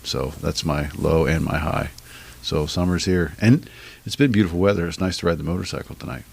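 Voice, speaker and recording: A man's voice: extremely low pitch, fairly quick, vocal fry, darkish tone, breathy edge. A male pastor hosting a casual church podcast, easygoing and joking as he steers the talk. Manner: easygoing, joking, leads the conversation.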